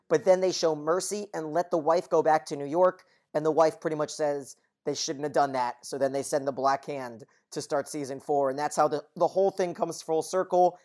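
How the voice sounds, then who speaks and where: A man co-hosting a podcast, recapping plot details quickly and casually, sometimes swearing. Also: on the high side. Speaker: podcast co-host.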